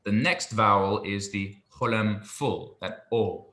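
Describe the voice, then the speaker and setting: A man's voice: lowish voice, slow pace, sharp tone, reverberant, slight background noise. A man tutoring basic biblical Hebrew one-on-one, explaining patiently and checking that his student follows. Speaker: Hebrew teacher.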